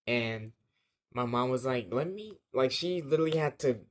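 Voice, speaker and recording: Young man, mid pitch, telling a casual vlog story that rambles with slang, fillers and swearing. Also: moderate pace.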